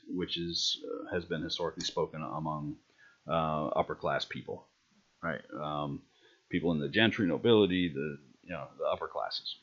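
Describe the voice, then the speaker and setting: A man's voice: deep voice, a bit bright. A male lecturer talking through slides in a loose, rambling way, full of fillers and restarts. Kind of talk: recorded classroom lecture. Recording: dull lo-fi lecture recording.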